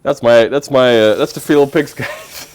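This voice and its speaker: A man's voice: mid-range voice, normal speed, a little mellow, a little hiss or hum. A man telling a rambling, playful story on a casual livestream, with lots of filler words. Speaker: streamer.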